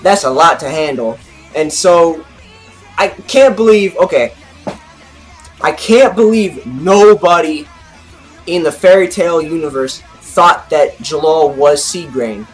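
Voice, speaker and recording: A man hosting an anime review, recapping an episode in a casual, excitable way, saying "like" often and gesturing as he talks. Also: a little high, slow, faint music behind. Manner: excitable, heavy use of "like"; gestures with his arms while talking.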